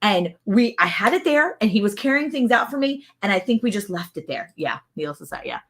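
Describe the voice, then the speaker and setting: A woman's voice: medium pitch, sing-song, brisk, fairly bright tone. A woman co-hosting a casual live stream, telling stories in a chatty way and laughing often. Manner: chatty storyteller, laughs a lot. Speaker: livestream co-host. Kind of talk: casual chat.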